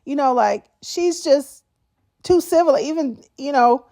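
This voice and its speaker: Brief: woman reaction host, slow and expressive, fairly high voice, close and dry. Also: no room sound. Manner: expressive, exclaiming, laughing often. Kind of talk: casual reaction commentary.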